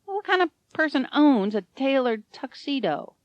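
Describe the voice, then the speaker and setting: A woman voicing a fussy, excitable young male helper in a high, loud voice. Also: moderate pace, no room sound, highs cut off. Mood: excited.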